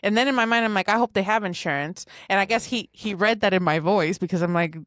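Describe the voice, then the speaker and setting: A woman's voice: mid-range voice, fast, fairly bright tone, dry recording, clean studio sound. A woman co-hosting a podcast, telling a story with emphasis and acting out the dialogue. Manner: emphatic, acts out quoted dialogue. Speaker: podcast co-host. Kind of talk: casual storytelling chat.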